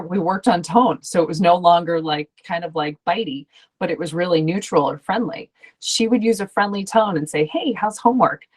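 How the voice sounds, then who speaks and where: A woman coach talking to parents in a chatty, loose way, full of ums and restarts, acting out the voices she quotes. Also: lowish voice. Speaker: ADHD coach.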